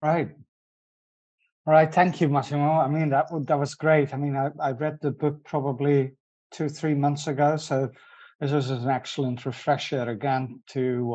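A man's voice: medium pitch, a little mellow. A man hosting a live online discussion, interviewing an author, speaking hesitantly with many fillers. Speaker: host and interviewer.

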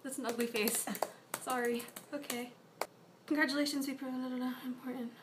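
A woman's voice: high-pitched, steady tone, fairly quick, noisy background. A woman in her twenties vlogging casually in her bedroom, rambling with lots of fillers. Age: 20s. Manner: chatty, rambling, filler-heavy. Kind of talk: casual confessional vlog.

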